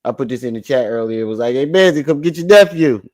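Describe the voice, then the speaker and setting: A man hosting a casual livestream, loud, profane and teasing as he jokes with the chat. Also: medium pitch, lively intonation, quick pace. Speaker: livestream host.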